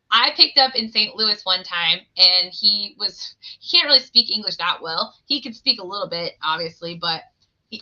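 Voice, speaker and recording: Bubbly, rambling woman with a bright voice. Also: medium pitch. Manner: bubbly, rambling storyteller who laughs often. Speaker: guest, former radio host. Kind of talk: casual interview chat. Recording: muffled lo-fi audio.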